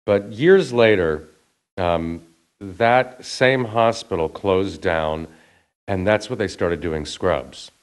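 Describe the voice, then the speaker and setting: A man's voice: sits low, takes it slowly. A male actor telling a casual story in an interview, chatty and laughing often. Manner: chatty, acts out the voices of people he quotes. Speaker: actor and guest.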